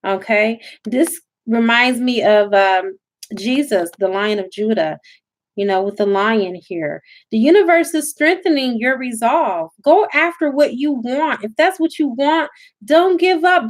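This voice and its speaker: Woman, emphatic preachy spiritual reader, slightly high voice. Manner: emphatic, preachy, addresses viewers as y'all. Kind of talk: live spiritual reading.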